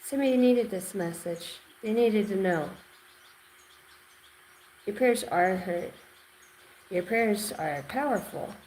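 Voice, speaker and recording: A woman giving an intuitive tarot reading, rambling and excitable, repeating words and swearing now and then. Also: medium pitch, slow pace, pauses often, a little hiss or hum, rough recording. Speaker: tarot reader.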